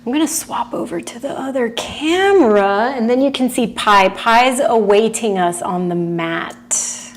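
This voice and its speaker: A woman's voice: a little high, animated, measured pace. A woman from California, a movement instructor, casually chatting and greeting livestream viewers by name before class, often giggling.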